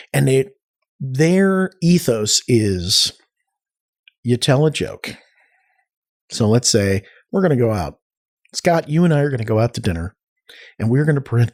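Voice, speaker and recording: Brief: male guest, mid-pitched, chatty and animated storyteller who acts out quotes. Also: normal speed, long pauses. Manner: animated storyteller, frequent restarts and acted-out quotes. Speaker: podcast guest, arts nonprofit cofounder. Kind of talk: casual conversational storytelling.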